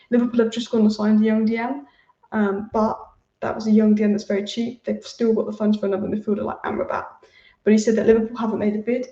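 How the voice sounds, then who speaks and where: Woman football vlogger, rapid and opinionated, warm voice, slightly dull and echoey sound. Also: a little high, recorded from a distance. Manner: opinionated, rapid, repeats names for emphasis. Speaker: football transfer news host. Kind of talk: casual fan commentary. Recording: roomy, slightly dull home recording.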